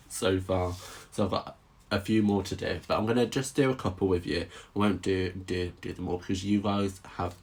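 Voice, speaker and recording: A man with a fairly low voice talks through a craft demo as a live stream. He is chatty, says hello to viewers as they join and pokes fun at himself between steps. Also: a little mellow, breathy edge. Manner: chatty, greets viewers, self-deprecating asides. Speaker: stamping craft demonstrator.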